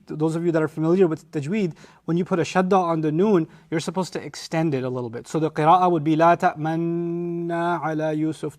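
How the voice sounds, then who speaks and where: A man teaching a Quran study lecture, animated and often acting out quoted lines. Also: fairly high pitch.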